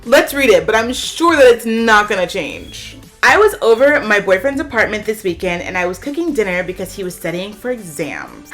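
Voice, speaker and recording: A woman reading online posts aloud and reacting to them, with animated, sassy outbursts and big jumps in pitch. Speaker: YouTuber.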